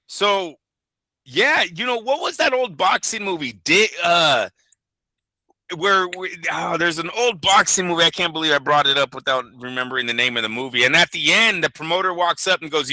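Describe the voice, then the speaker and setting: A man's voice: fairly high pitch, expressive, normal speed, pushed and bright, dry recording. A man co-hosting a boxing talk show, chatting casually and profanely, rambling through stories and acting out quotes. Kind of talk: casual podcast chat.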